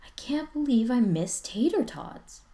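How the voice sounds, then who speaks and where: A woman voicing a playful, teasing teenage boy who talks in an excitable, raised voice. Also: on the high side, a little slow, pitched above the performer's own voice.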